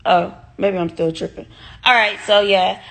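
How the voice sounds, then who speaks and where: A woman's voice: medium pitch, steady tone, measured pace, vocal fry, a bit bright. A woman from the United States, vlogging a casual storytime straight to her viewers, emphatic and swearing freely.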